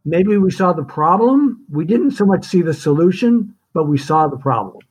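An older man, co-founder of a firm, looking back in a conversation, reflective and halting, with restarts and chuckles. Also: high-pitched, lively intonation, a little mellow, husky, low-quality recording. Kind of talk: reminiscing conversation.

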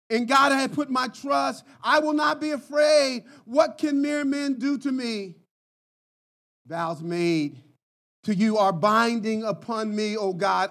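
A male pastor preaching an impassioned sermon, moving between shouted cries and hushed, quiet passages. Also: sits high.

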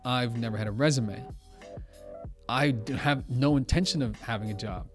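Young man, podcast guest, casual storytelling, animated, acts out dialogue. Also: medium pitch, moderate pace, over music. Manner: animated, quotes others, says blah blah.

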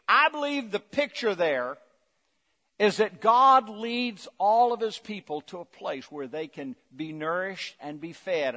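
A middle-aged man preaches from the pulpit, rising to loud, emphatic declarations and then dropping into quiet, low asides. He keeps coaxing the congregation to respond. His voice sits a little high for a man and trails off into the long reverb of a church sanctuary. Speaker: pastor. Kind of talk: sermon.

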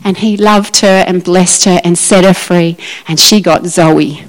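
A woman preaching a lively, emphatic sermon and acting out Bible scenes. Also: lowish voice, a little slow, rough recording.

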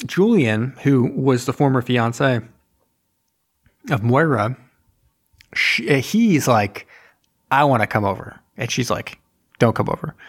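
A man co-hosting a podcast, recapping a film in casual, rambling chat full of fillers and quick acted quotes. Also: mid-range voice. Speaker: podcast co-host.

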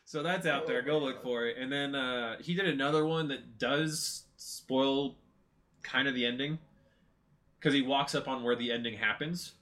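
A man hosting a casual podcast chat, retelling movie scenes in a lively way and swearing freely. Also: medium pitch, moderate pace. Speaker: podcast host.

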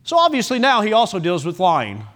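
A man delivering a sermon from the pulpit in a high, ringing voice. His tone is bright and forceful, and he swings from loud emphasis to hushed lines. He drops in casual asides and corrects himself as he goes. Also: wildly swooping pitch, fairly quick. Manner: emphatic preaching with wide swings in loudness; conversational asides and self-corrections. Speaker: pastor.

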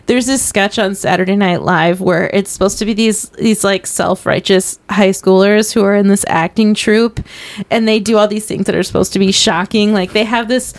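A woman's voice: medium pitch, normal speed. A woman co-hosting a film review podcast in casual chat, talking in a chatty way with many "like"s. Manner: chatty, leans heavily on "like", lively retellings. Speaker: podcast co-host.

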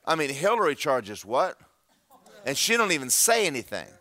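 A man preaching a sermon, telling a story with acted-out dialogue and building to loud exhortation. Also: on the high side, big pitch swings, moderate pace.

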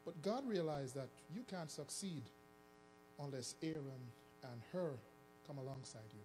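A man preaching a sermon, swinging between sung, shouted emphasis and hushed asides. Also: fairly high pitch, animated, a little slow. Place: church hall. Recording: long church reverb with faint music.

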